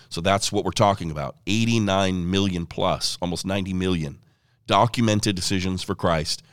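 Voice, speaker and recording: A man's voice: low voice, a bit bright, no echo, studio quality. A man, an evangelist being interviewed, telling a story in an earnest, fluent way. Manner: earnest, fluent storyteller who quotes others. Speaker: evangelist guest. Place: ministry headquarters office.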